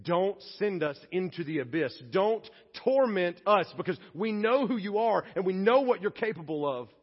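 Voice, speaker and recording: A male pastor voicing a frightened horde of demons who plead and beg for mercy in a louder, drawn-out voice. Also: high-pitched, animated. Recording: echoey hall, dull lo-fi sound.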